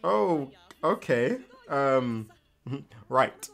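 A young man giving casual, animated reaction commentary while watching, tired and yawning, with slangy asides and frequent repeated words. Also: medium pitch, very slow, creaky. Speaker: anime reaction host. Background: faint anime soundtrack.

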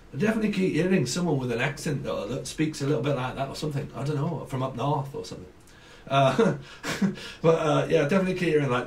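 A man's voice: fairly high pitch, expressive, fast, recorded from a distance, a little hiss or hum. A man in his forties from southern England with a Cockney accent, rambling and swearing with lots of laughter as he gives a tarot reading. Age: 40s. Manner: rambling, crude, laughing, slips into mimicked voices. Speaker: tarot reader. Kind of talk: casual tarot reading monologue. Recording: echoey room, voice away from mic.

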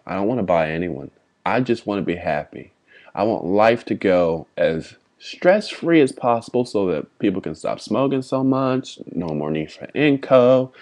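A man's voice: low-pitched, darkish tone. A young man vlogging a rambling, heartfelt apology, swearing freely as he talks. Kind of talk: personal apology vlog.

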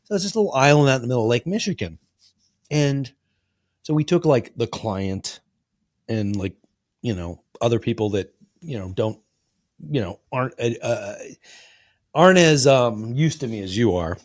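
Man, casual podcast storytelling, rambling and profane, acts out quotes, mid-pitched voice, dry close sound. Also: lively intonation, moderate pace, long pauses, no room sound. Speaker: podcast co-host.

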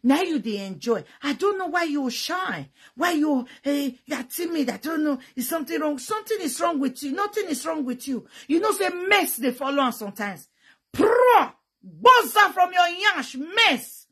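A young woman with a Nigerian Pidgin English accent, talking frankly and bluntly to her viewers, with loud bursts and sound effects. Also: sits high, lively intonation, normal speed, hardly any pauses. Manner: blunt and teasing. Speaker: vlogger. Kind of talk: frank casual talk to viewers.

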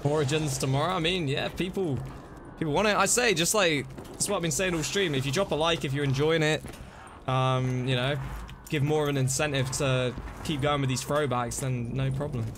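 A young man streaming a zombie game, chatting excitedly to his viewers and reacting to what happens. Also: fairly high pitch, fairly quick, noisy background. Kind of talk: casual live-stream commentary.

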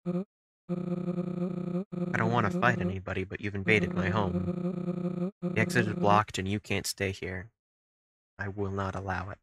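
A man voicing a lonely, wounded monster recluse who speaks in a quiet, low, mournful way. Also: sing-song, measured pace, long pauses, exaggerated voice. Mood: sorrowful. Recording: game music behind the voice.

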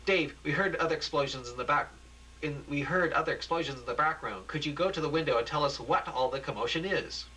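A man's voice: fairly high pitch, brisk, pushed and bright, breathy edge, pitched above the performer's own voice, rough recording. A man voicing an alarmed female TV news anchor who asks urgent, anxious questions.

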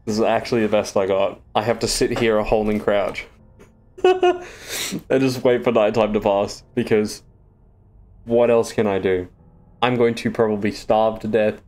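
A man's voice: on the low side, lively intonation, moderate pace, darkish tone. A young Australian man with an Australian accent giving jittery, swearing gaming commentary as a streamer, with nervous laughter.

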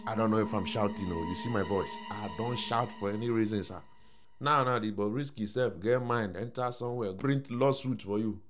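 A man with a Nigerian accent giving casual opinion commentary, animated and slipping into Pidgin. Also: on the low side, a little fast, soft background music. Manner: animated, mixes Pidgin, repeats "I don't know if I'm shouting".

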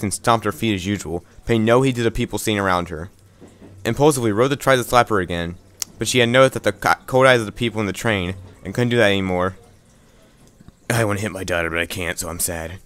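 A man's voice: lowish voice, fairly bright tone, clear, resonant tone. A man reading a visual novel aloud, stumbling and restarting words, with wry asides.

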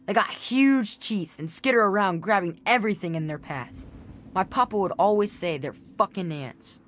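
A woman's voice: mid-range voice, expressive, moderate pace, a bit bright. A woman voicing a frightened young boy in a video game, pleading and whining for help. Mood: explaining. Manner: scared, whiny, breathless pleading.

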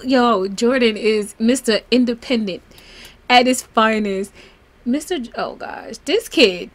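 A woman's voice: a little high, measured pace. A woman hosting a casual let's play, chatting through the game and talking fondly to her characters. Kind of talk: casual gameplay commentary.

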